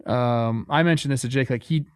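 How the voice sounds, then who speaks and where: A man co-hosting a casual sports talk show, relaxed and a little hesitant, thinking aloud as he talks. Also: mid-range voice, fairly quick, clear, resonant tone, dry recording, clean studio sound. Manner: relaxed, hesitant, many fillers and restarts. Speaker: co-host.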